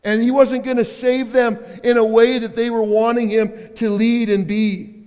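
A man preaches a sermon in a high, smooth voice. He repeats himself as he builds, with sudden loud calls and quiet asides. The sound carries a long hall reverb. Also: level tone, moderate pace. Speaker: pastor.

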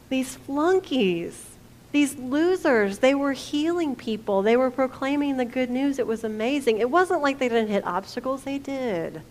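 A woman pastor, preaching a conversational sermon that asks the congregation questions and drops to a hush for quoted lines. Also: high voice.

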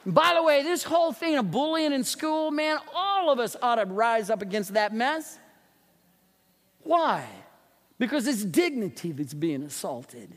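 A man preaching a sermon as pastor, animated and emphatic, telling stories to his congregation. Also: extremely high pitch, unhurried. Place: church sanctuary. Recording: long reverb of a church sanctuary.

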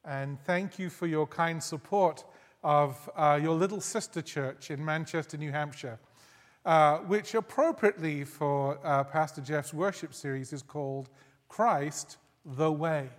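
A man preaching a sermon as a guest pastor, conversational and gently humorous, reading scripture aloud. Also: fairly high pitch, a little slow. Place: church sanctuary. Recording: long hall reverb.

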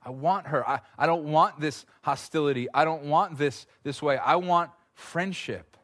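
A man voicing God as a gentle, longing figure, speaking softly and low. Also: a little slow.

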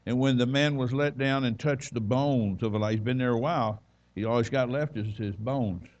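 A man's voice: mid-range voice, brisk, a little mellow, highs cut off. A man preaching as a visiting minister, telling folksy stories and reading scripture aloud. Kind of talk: sermon.

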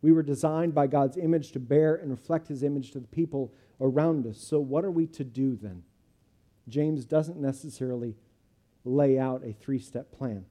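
A pastor preaching a sermon to his church and closing in prayer, speaking earnestly in short, measured phrases. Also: medium pitch, dark tone.

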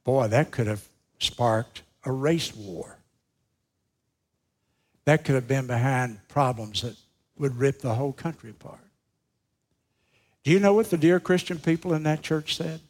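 A man preaching a sermon, telling stories slowly and with emphasis. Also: medium pitch, lively intonation, a little mellow. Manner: slow, emphatic storytelling preacher. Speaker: pastor.

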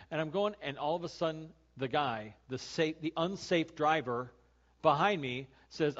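Middle aged pastor guy telling a story in a sermon, kinda high voice, muffled lo-fi audio. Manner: animated storytelling, acting out his own road rage; turns quiet and earnest when making the point. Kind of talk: conversational sermon with personal stories. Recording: dull lo-fi sermon recording.

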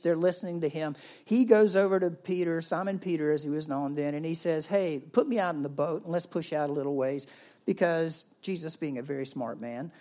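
A man preaching a sermon, telling a story with swings between loud, lively passages and hushed, quiet ones. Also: fairly high pitch. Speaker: pastor.

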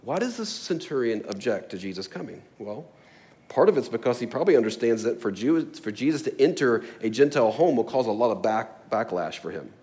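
A man's voice: medium pitch, animated, a little fast, a little mellow. A man preaching a sermon, explaining a scripture passage with storytelling and acted-out asides. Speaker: pastor.

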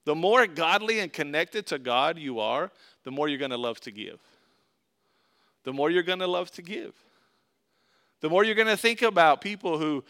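A man preaching a sermon in a conversational way, repeating phrases, slowing and dropping to a hush on key lines before rising again. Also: fairly high pitch. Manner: slows down and drops to a hush on key phrases, then rises loud. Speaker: pastor.

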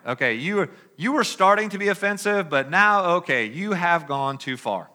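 A man preaching a sermon, reading scripture emphatically and then dropping into quiet, conversational asides. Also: on the high side, expressive, normal speed, hardly any pauses. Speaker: pastor.

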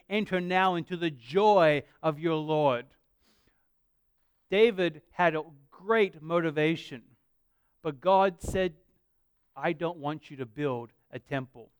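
A man from Australia, a pastor with an Australian accent worn toward American, preaching a sermon in an earnest, conversational way with dramatic pauses. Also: high voice, clean tone, no echo, clean studio sound. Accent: Australian mixed with American.

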